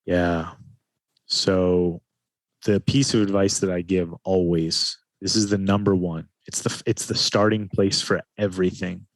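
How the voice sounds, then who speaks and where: A man, a guest in an interview, speaking in a calm, reflective way and often slowing his speech down. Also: deep voice, no room sound. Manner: calm, slows his speech to stress points. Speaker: podcast guest, men's retreat facilitator.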